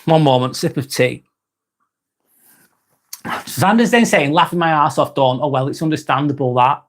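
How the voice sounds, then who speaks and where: A man's voice: fairly high pitch, normal speed. A man hosting a casual livestream chat, reading out viewer comments, swearing casually and laughing often. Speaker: livestream host.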